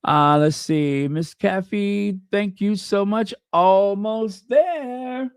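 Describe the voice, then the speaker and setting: A man hosting a casual livestream, chatty and excitable, talking to himself as he goes. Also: sits high, drawn-out words, clear, resonant tone, no echo, clean studio sound. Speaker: livestream host.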